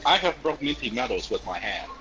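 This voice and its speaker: A man's voice: medium pitch, big pitch swings, brisk, sharp tone, husky, soft background music, voice pushed up, exaggerated voice, low-quality recording. A man voicing a formal, overly polite foreign traveler who speaks in broken, stilted English. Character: formal foreign male traveler, halting speech.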